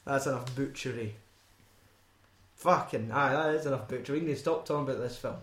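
A Scottish man talking loosely about a film, with rambling, sweary asides and frequent laughter. His voice sits at a middling pitch. It carries a noticeable room echo. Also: brisk, fairly bright tone. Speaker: podcast co-host. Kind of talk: casual film chat.

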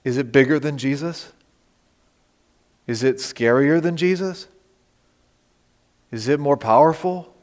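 A man preaching a sermon as pastor, moving between loud emphasis and soft, near-whispered lines. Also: medium pitch, unhurried, pauses often. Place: church sanctuary. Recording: long reverb of a church hall.

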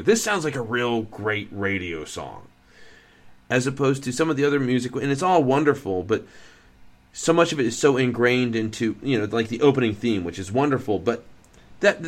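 A man in casual film-podcast chat, rambling with lots of fillers and restarts. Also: medium pitch. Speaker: podcast co-host.

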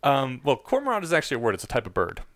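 A man co-hosting a podcast in casual discussion, explaining his points plainly and in a measured way. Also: medium pitch, huge pitch swings, fairly bright tone, dry recording, clean studio sound. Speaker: podcast co-host.

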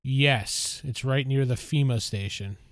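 A man doing a brisk army colonel on the radio. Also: mid-range voice, no room sound, studio quality, close to an everyday voice. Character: male army colonel answering over the radio.

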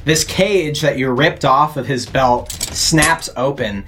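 A game master narrating a tabletop game with animated delivery and frequent laughter. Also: mid-range voice, takes it slowly, slight background noise.

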